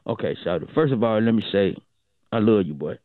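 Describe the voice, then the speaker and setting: A man's voice: fairly low pitch, animated, brisk, no room sound. A man doing a comic radio bit, drawling and preachy, calling his listener "boy" and "shawty". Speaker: radio show comedian telling a bit. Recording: tinny phone-like dry sound.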